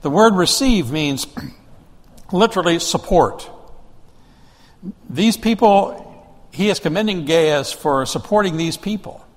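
A man's voice: sits high, animated, slow pace, pauses often, big-room sound. A man preaching a sermon in a conversational way, asking the congregation rhetorical questions and often restarting his sentences. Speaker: pastor.

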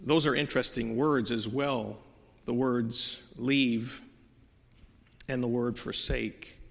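A man preaching a sermon in a church, earnest, moving from soft, quiet stretches to emphatic peaks, with many restarts. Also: mid-range voice, steady tone, takes it slowly, gravelly. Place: church sanctuary. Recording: long hall reverb.

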